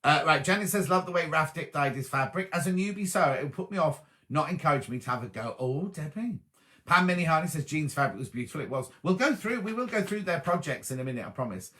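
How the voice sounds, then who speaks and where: A man's voice: on the high side, lively intonation, fast talker, sharp tone. A man hosting a casual live stream, chatting and reading viewer comments aloud and answering them. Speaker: host reading live chat.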